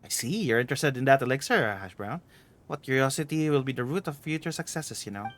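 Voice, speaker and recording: A man's voice: mid-range voice, lively intonation, fast talker, fairly bright tone, close to an everyday voice. A man reading the lines of a teasing, vain aging female treasure hunter aloud while streaming a game.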